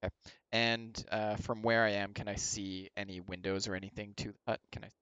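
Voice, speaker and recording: A man's voice: lowish voice, flat delivery, brisk, bright, forceful tone, clear, resonant tone, dry recording, highs cut off. A man playing a tabletop game, speaking casually and hesitantly with many fillers. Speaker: player.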